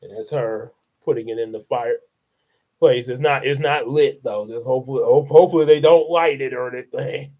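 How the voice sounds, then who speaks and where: A man's voice: mid-range voice, highs cut off. A man reading a children's novel aloud in a casual way, with chatty asides to his listeners. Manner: chatty asides, laughing, unhurried. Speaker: storyteller. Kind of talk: casual storybook read-aloud.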